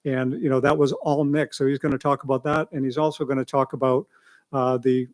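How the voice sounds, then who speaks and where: A man's voice: medium pitch, little pitch movement, brisk, darkish tone. Rambling man reporting at a board meeting. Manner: rambling, conversational, many asides.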